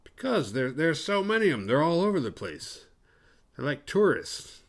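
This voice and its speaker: A man's voice: on the high side, very animated, moderate pace, voice pushed up. A man putting on a put-on to voice a creepy, charismatic outback bushman with an offhand drawl. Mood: sly.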